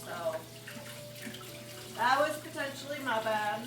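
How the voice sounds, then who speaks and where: A woman live-streaming while she bakes, chatting in a rambling, casual way, swearing freely and cooing in a high voice at her dogs. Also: lively intonation, slow pace, background noise. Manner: coos in a high voice when talking to her dogs. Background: music.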